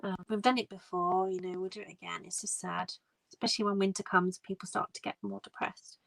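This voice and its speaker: A woman's voice: medium pitch, fairly even intonation, a little fast, creaky, fairly bright tone, dry recording, rough recording. A young woman hosting a live stream, telling a story in casual chat with many restarts and quoted dialogue.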